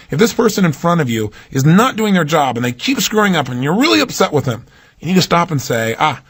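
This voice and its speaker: Husky man giving an emphatic motivational talk. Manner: emphatic, swings pitch up and down for emphasis. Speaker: motivational speaker.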